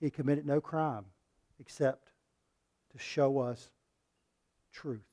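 A male preacher delivering a sermon, reading scripture and swinging between loud, forceful passages and hushed ones. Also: medium pitch, steady tone, slow. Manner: reads scripture aloud and acts out quoted lines.

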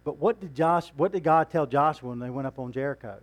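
A man's voice: on the high side, fairly quick, faint music behind. A man preaching a sermon in a conversational way, asking rhetorical questions and chuckling now and then.

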